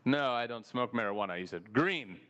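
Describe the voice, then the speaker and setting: A man's voice: medium pitch, fairly quick, muffled recording. A man hosting a podcast, telling a long, profane story in a casual way and laughing between lines. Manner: animated, profane anecdote with laughter. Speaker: podcast host.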